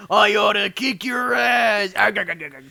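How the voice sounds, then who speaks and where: A young man doing an impression of a gruff, greedy cartoon crab boss, shouting in a gravelly voice. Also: high voice, slow pace, voice pushed up, full character voice. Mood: angry.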